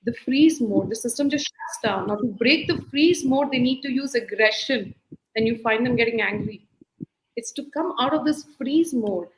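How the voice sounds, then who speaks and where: A woman with a voice on the high side, speaking at normal speed, is a life skills coach giving earnest parenting advice over a video call in a live-streamed interview. The rough recording has an echoey room and slight background noise. She's animated, acting out quoted voices and repeating key phrases.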